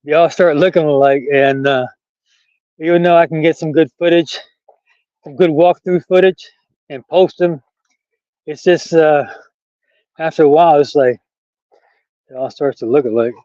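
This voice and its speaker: A chatty, rambling man talks into his camera while out on a country trail. His voice sits a little high for a man and laughs come easily. The sound is dull and lo-fi, dry and close, with no room around it. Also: fairly even intonation, normal speed, long pauses, darkish tone, dry recording. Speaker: vlogger. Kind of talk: casual walking vlog. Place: outdoors on a rural trail.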